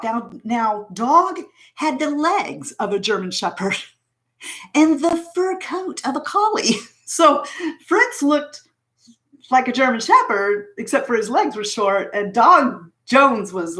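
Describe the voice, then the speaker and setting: Lively, rambling woman livestreamer. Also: on the high side, measured pace. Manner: rambling storyteller, often loses her train of thought; chuckles often while talking. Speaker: beauty channel host. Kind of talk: casual livestream chat.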